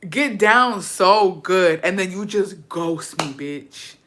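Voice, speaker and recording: A woman's voice: fairly low pitch, lively intonation, takes it slowly, a bit bright. A young adult woman telling a story in a casual vlog chat, brash and profane, dramatic, and dropping in Spanish phrases. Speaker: vlogger.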